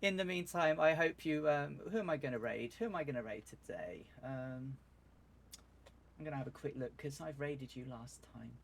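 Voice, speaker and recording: A man's voice: fairly high pitch, moderate pace, creaky. A man streaming a flight simulator, chatting ruefully to viewers and laughing at his own mishaps. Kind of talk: live game stream commentary.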